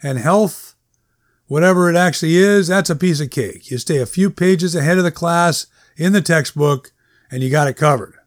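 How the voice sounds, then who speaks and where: A man's voice: a little high, moderate pace, no echo, clean studio sound, pitched above the performer's own voice, lightly acted. A man voicing an easygoing, wry man with a practical, breezy manner, in a story reading.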